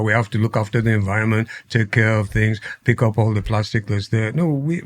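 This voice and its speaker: Older Nigerian man telling animated stories. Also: on the low side. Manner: animated anecdotes, acts out quotes, laughs often. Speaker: podcast guest. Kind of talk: casual storytelling interview.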